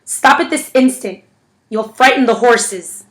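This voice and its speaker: A woman reading a story aloud, voicing a stern, commanding older woman who speaks crisply. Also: a little high, unhurried, a bit bright.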